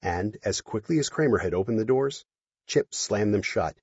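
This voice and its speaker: Husky guy reading a story aloud, lively and low, dry dull audio. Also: moderate pace, no echo. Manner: expressive, storytelling. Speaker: audiobook narrator. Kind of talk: audiobook narration.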